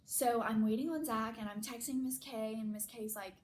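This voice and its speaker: A woman's voice: fairly high pitch, moderate pace, hardly any pauses, a little hiss or hum, low-quality recording. A young woman vlogger telling a story in a casual, chatty way, full of "like" fillers. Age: young adult. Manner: chatty, many "like" fillers, animated retelling.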